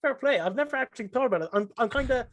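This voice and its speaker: A young Irish man chatting as a podcast guest, emotional and excitable, breaking into animated bursts. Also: extremely high pitch, very fast. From Ireland. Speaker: podcast guest, streamer and caster. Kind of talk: casual podcast chat.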